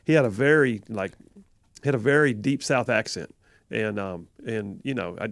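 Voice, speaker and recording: A man's voice: fairly low pitch, moderate pace, gravelly, fairly bright tone. A middle-aged man with a Southern accent hosting a live call-in radio show, rambling and chuckling as he corrects himself. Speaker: radio talk show host. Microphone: studio microphone.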